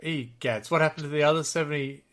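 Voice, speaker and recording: Upbeat Australian male podcast host, high and bright, self-mocking humor. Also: fast. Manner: jokey, laughs often, self-deprecating. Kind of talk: casual podcast chat.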